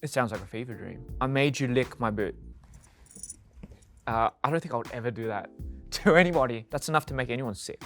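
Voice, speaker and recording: A man's voice: medium pitch, lively intonation, fast, a bit bright, faint music behind. A man reading fan tweets aloud and reacting to them, amused and playful and laughing often.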